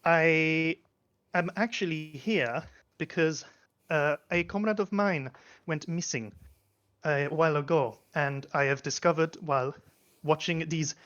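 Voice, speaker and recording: A man's voice: fairly high pitch, measured pace, a bit bright, smooth. A man voicing a prim woman with a faint French touch, talking stiffly and hesitantly in a tabletop game. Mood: formal. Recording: lo-fi mic.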